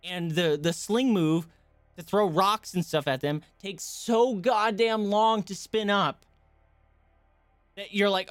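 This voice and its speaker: A man's voice: high-pitched, fairly even intonation, takes it slowly, no room sound. A male streamer giving live gameplay commentary, ranting and swearing in frustration. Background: faint game music.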